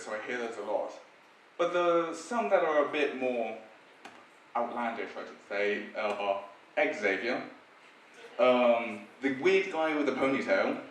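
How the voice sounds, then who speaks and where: A man's voice: medium pitch, fairly bright tone, a little hiss or hum. A young man from the UK with a British accent doing chatty, self-deprecating stand-up comedy on a theatre stage. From United Kingdom. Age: young adult. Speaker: staff comedian. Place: theatre stage before an audience. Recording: echoey theatre from far off.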